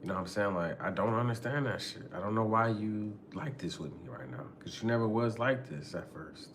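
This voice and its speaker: A man's voice: on the low side, expressive, fairly quick, fairly bright tone. Brief: male podcast host, casual relationship talk, slangy and laughing, faint background hiss. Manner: loose slangy talk, frequent laughter and profanity.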